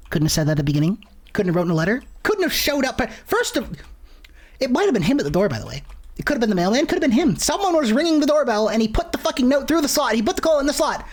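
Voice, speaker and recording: A woman streaming a horror game, ranting and swearing with sudden shouts. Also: high voice, very animated, quick pace. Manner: profane, exasperated rants with sudden shouts. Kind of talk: casual gameplay commentary.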